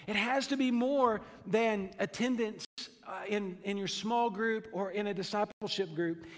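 A pastor giving an earnest, emphatic sermon, slowing down to stress key phrases and often repeating words as he goes. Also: sits high. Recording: long hall reverb.

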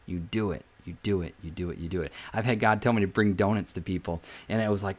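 Low-voiced guy preaching a devotional podcast, earnest and pushy, repeats stuff, keeps saying man. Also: steady tone, fast, hardly any pauses. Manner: earnest, exhorting, repeats phrases for emphasis; conversational, often says "man". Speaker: podcast host giving a devotional.

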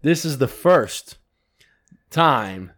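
A man's voice: medium pitch, expressive, extremely slow, a bit bright. A man co-hosting a casual podcast, swapping laughing, joking banter over cigars and whiskey. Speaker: podcast co-host. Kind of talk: casual chat.

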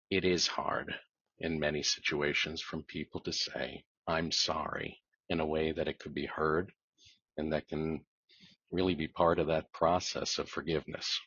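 A man working as a divorce mediator, talking thoughtfully in a podcast interview, with a measured delivery that repeats words as he restarts. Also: extremely low pitch, a bit bright, husky. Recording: dull lo-fi dry sound.

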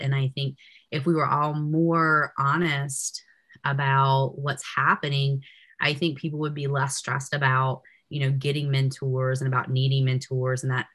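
A woman's voice: a bass voice, fairly bright tone. A woman researcher talking as a podcast guest in easy conversation, often filling with "you know". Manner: chatty, peppers speech with "you know". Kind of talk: casual interview chat.

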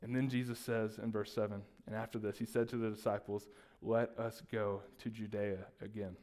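Animated male preacher. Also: fairly low pitch, moderate pace. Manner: animated, acts out the disciples' voices. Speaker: pastor. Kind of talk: sermon.

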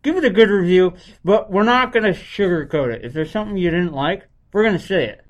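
A man's voice: sits high, expressive, fairly quick, muffled recording. A man hosting a casual podcast chat, rambling and restarting as he talks through a movie. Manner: rambling, restarts, laughs at himself. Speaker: podcast host.

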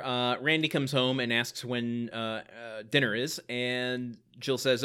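Bright-voiced man laughing through a recap. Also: mid-range voice, steady tone, unhurried, few pauses, smooth. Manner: laughs often, retells scenes with quoted lines. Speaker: podcast co-host. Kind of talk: casual chat recapping a sitcom episode.

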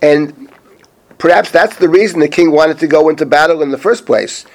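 Rabbi explaining verses, slightly high voice. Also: male voice. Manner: reads Hebrew verses slowly, then translates and explains. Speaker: rabbi teaching a Bible chapter. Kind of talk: spoken Bible lesson.

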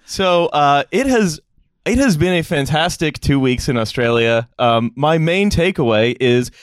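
Animated male podcast host, rambling. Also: on the high side, unhurried, clean tone, no echo, studio quality. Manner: rambling, filler-heavy, laughing. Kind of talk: live comedy podcast hosting.

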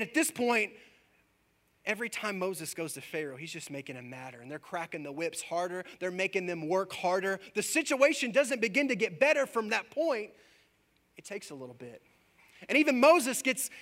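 A man preaching a sermon, dropping soft and low, then building to loud, rising peaks, and reading scripture slowly. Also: expressive. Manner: reads scripture aloud slowly.

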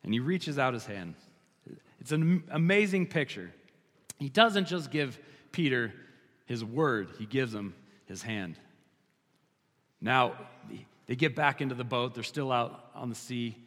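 A man preaching a sermon as pastor, animated, slowing down to stress his key lines. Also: medium pitch, long reverb tail.

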